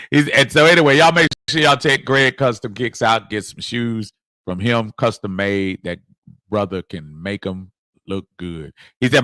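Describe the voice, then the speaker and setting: A middle-aged man hosting a casual sports livestream, reading out viewer comments in a lively, chuckling way. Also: lowish voice, measured pace, no echo. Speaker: livestream host.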